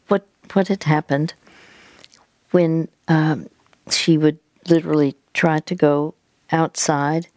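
Woman counseling host, slow and halting, soft affectionate coaching through deep breaths. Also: no room sound. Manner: halting, with frequent restarts. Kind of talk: Christian call-in counseling.

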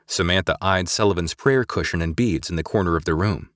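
A man narrating a sci-fi audiobook in an expressive storytelling manner, recorded close on a studio mic. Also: low-pitched, fairly quick, few pauses, dry recording. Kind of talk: scripted narration.

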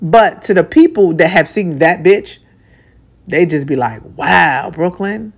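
A woman in her forties, a radio personality, giving a blunt, profane personal monologue that mixes soft lines with punchy, repeated emphasis. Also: on the low side, animated, measured pace, slightly rough. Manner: swings between soft and punchy delivery.

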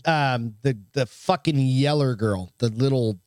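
A man's voice: mid-range voice, unhurried, darkish tone, smooth, no echo, clean studio sound. A man co-hosting a casual podcast over drinks, swearing freely and reading news aloud in a sarcastic tone. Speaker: podcast co-host. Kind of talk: casual bar-style podcast chat.

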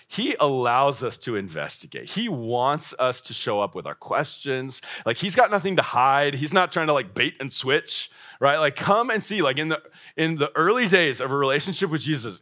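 A man's voice: medium pitch, fairly bright tone. A young man giving a casual, conversational sermon to young adults, often saying "right?" and "like".

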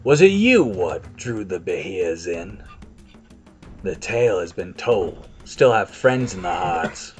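A man's voice: low voice, very animated, slow, soft background music, full character voice. A man voicing a furious half-orc woman caravan guard who snarls out taunts and accusations. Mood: accusing.

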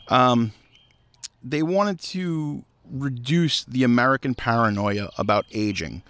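A man hosting a podcast outdoors, riffing in animated, profane casual chat. His pitch is mid-range but swings widely. The sound is dry and close. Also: a little slow, no echo. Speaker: podcast host.

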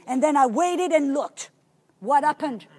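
A woman's voice: high voice, lively intonation, measured pace. A woman preacher teaching a sermon, telling a story with animation and emphasis.

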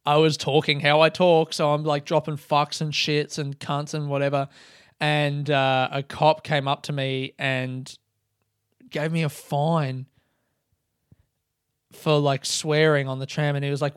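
An Australian man hosts a solo podcast, telling rambling, animated stories in casual chat packed with swearing. His voice is a little high with a clean tone, recorded at studio quality with no echo.

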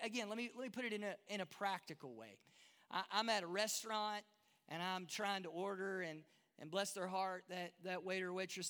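High bright-voiced Texan pastor preaching. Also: male voice, smooth. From Texas. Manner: conversational, self-deprecating, repeats and restarts words. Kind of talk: sermon. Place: large church hall. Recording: long hall reverb.

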